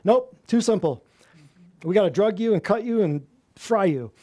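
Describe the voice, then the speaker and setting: Man giving a lively talk, high voice, dark mellow tone, keeps asking the crowd questions. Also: moderate pace. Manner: animated, asks the audience questions, jokes and laughs. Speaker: natural health practitioner teaching a class. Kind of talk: lively lecture to a small audience. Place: office room with a small live audience.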